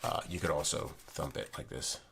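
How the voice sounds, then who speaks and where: A man's voice: a bass voice, moderate pace, vocal fry, a bit bright, a little hiss or hum. A man casually reviewing a deck of playing cards and explaining a trick, rambling with frequent restarts and bursts of enthusiasm.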